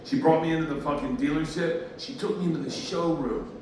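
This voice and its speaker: A man's voice: a little high, fairly quick, background noise. A man telling profane stand-up comedy stories on stage. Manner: profane, rowdy storytelling. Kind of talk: live stand-up storytelling. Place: live comedy venue. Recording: very echoey, distant mic, loud ambience. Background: audience laughter.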